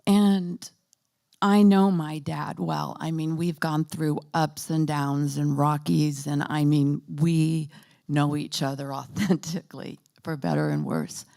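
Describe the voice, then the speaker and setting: A woman in her fifties or sixties giving a personal testimony at a church, halting and soft-spoken, with many pauses and fillers. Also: low-pitched, vocal fry. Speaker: church panel speaker.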